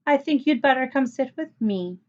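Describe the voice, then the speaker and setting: A woman's voice: sits high, animated, normal speed, highs cut off, voice pushed up. A woman voicing a caring but firm teacher who scolds a child in a storybook reading. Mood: stern.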